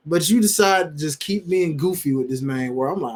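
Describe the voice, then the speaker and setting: A man's voice: on the high side, fast talker, few pauses, husky. A man co-hosting a wrestling podcast, chatting casually with slang and acting out quotes in funny voices. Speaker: podcast co-host.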